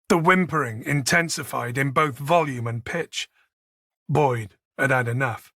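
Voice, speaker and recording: Man, audiobook narrator, gravelly, bright tone, dry close recording. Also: mid-range voice, unhurried, dry recording. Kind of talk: scripted narration.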